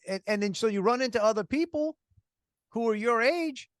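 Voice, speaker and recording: High-voiced rambling middle-aged man. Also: animated, normal speed, no room sound, studio quality. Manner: rambling storyteller with restarts and laughs. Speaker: podcast co-host. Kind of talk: casual chat.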